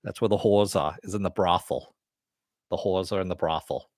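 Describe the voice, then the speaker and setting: A man's voice: low voice, normal speed, darkish tone, dry recording, studio quality, close to an everyday voice. A man putting on a Brooklyn accent to play a blunt, crude, matter-of-fact guy.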